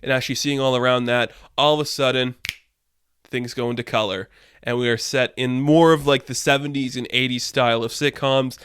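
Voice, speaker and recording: Young male channel host, casual and gushing, mid-pitched, dry mic. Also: fairly even intonation, normal speed, fairly bright tone, clean tone, no room sound. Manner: enthusiastic, rambling, lots of "like". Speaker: YouTube reviewer. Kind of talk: casual TV episode review.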